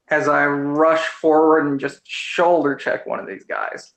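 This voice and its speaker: A man's voice: on the high side, a little slow, gravelly, fairly bright tone. A man playing a tabletop game, speaking hesitantly with many fillers as he declares actions. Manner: hesitant, lots of uhs. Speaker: player.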